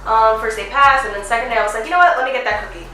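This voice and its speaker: A young woman tells family stories in a bright, high voice, laughing often and acting out what her parents said. She sits a little back from the mic in a boomy, echoey room. Faint music plays underneath. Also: racing. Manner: giggly, animated, acts out family members' lines. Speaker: vlogger telling family stories. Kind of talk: casual storytelling.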